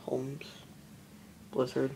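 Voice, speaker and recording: A man talks through a fan in a relaxed, meandering way, his voice gravelly and level with little rise or fall. A faint hum of noise sits behind him in a small apartment. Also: medium pitch, extremely slow. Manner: relaxed, rambling, with fillers. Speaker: video maker showing a fan. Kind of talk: casual product show-and-tell.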